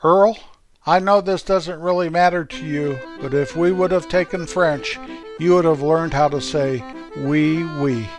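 A man voicing Forky, an earnest, goofy high school freshman boy, in a raised voice. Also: unhurried, faint music behind, close to an everyday voice.

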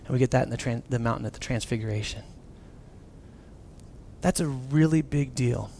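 A man in his thirties preaching a sermon, telling stories with lively restarts. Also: mid-range voice, normal speed, vocal fry, a little hiss or hum. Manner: animated storytelling with many restarts. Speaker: pastor.

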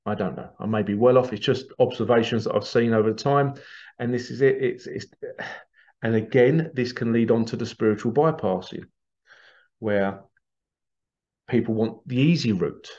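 In this casual monologue, a spiritual podcast host wanders from point to point, airing strong opinions and doing small voices for the people he quotes. He speaks at medium pitch and a moderate pace, with a darkish tone and the high frequencies missing.

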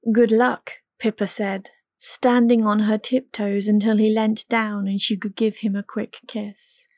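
A woman narrating an erotic story in an unhurried, even reading. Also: mid-range voice, no echo, clean studio sound. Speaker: audiobook narrator.

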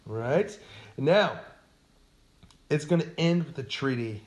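Male podcast co-host, mid pitch, loose and jokey, self-deprecating history storyteller. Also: lively intonation, slow pace. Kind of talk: casual history chat.

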